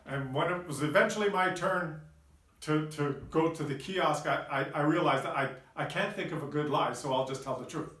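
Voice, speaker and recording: A man from Canada telling a personal story in a casual, animated way, exclaiming and using lots of filler words. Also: fairly high pitch, normal speed, distant mic. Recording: echoey room, off-mic.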